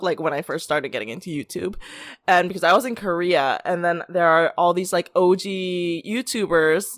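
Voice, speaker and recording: A woman's voice: fairly low pitch, fairly bright tone, dry recording, studio quality. Giggly rambling woman podcast host. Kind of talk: casual gossip chat.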